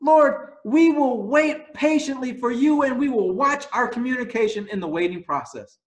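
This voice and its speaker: Pastor guy, high voice, animated storytelling sermon. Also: moderate pace. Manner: animated storytelling, rising to loud exclaims; soft prayerful closing.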